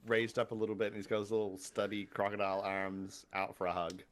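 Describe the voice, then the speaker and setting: A man's voice: on the low side, little pitch movement, fast. A man running a tabletop game as game master, narrating in a hesitant way with many fillers.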